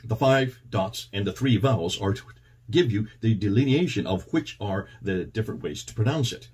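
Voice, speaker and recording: Raspy low-voiced male commentator. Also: expressive, moderate pace, darkish tone. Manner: explanatory, cites references in detail. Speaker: host and commentator. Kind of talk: commentary on a played clip.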